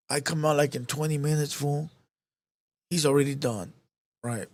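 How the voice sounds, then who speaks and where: A man's voice: a little high, steady tone, normal speed, no room sound. A man hosting a live show, telling a heated, profane story in casual street slang, repeating himself as he goes.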